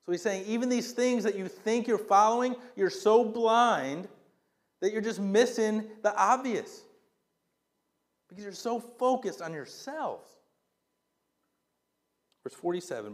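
A man preaching a sermon as a pastor, reading verses and explaining them in a conversational, emphatic way with rhetorical questions. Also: high voice.

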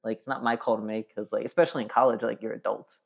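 A man's voice: fairly low pitch, flat delivery, fast, vocal fry. A man in his twenties, a podcast guest, talking in a rambling, casual way full of fillers. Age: 20s. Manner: rambling, filler-heavy, laughs easily. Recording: dull lo-fi podcast audio.

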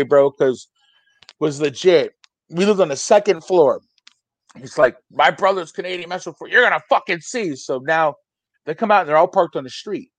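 Guy in his 40s telling a crazy story, swearing a lot, high voice, dry close sound. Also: no room sound. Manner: profane, animated, acts out quotes. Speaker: storyteller guest. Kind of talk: casual podcast storytelling.

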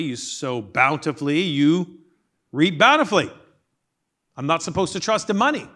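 High-voiced pastor preaching. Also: male voice, fairly bright tone. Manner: emphatic, asks rhetorical questions, reads scripture aloud. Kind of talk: sermon.

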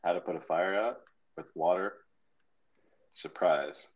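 A man's voice: low voice, a little slow, highs cut off. A man in casual chat as a podcast co-host, joking and swearing loosely. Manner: loose, profane, joking banter.

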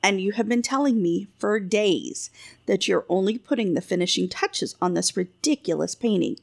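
Brief: gruff old storybook king, grumbling and commanding, gravelly edge, read by a woman. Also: medium pitch, lively intonation, normal speed. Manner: grumbling, then commanding orders. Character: gruff jovial old king, blunt and impatient.

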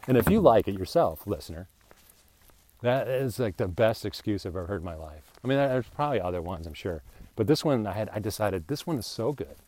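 On the low side and darkish, the man's voice is expressive and fairly quick. As a podcast host walking near a new bridge, he rambles in a casual monologue, self-mocking and jokey.

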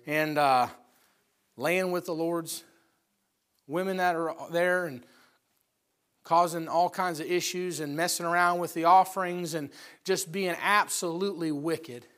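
A man preaching a sermon in a folksy, conversational way, retelling stories with lively acted-out voices. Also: on the high side, smooth. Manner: animated storytelling, acting out characters' voices.

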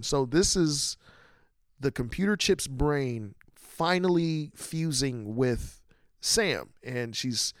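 Male podcast host, casual film recap, lively retelling, dry close mic. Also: mid-range voice, dry recording. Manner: animated storyteller, acts out quotes.

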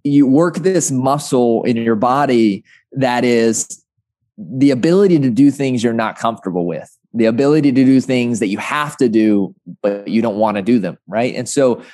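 A man's voice: mid-range voice, normal speed, mellow. A man in casual business conversation, talking animatedly and peppering his speech with "like" and a questioning "right?".

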